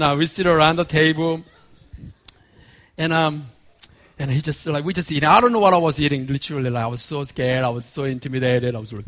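This is a male pastor delivering a sermon. His voice sits high for a man. He moves between relaxed, laughing storytelling and loud, emphatic proclamation. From Korea. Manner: animated, laughing storyteller who builds to shouted emphasis.

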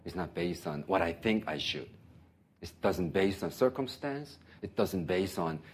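A man preaching a sermon, telling an animated story with bursts of laughter. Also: sits low, unhurried, slight background noise. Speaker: pastor.

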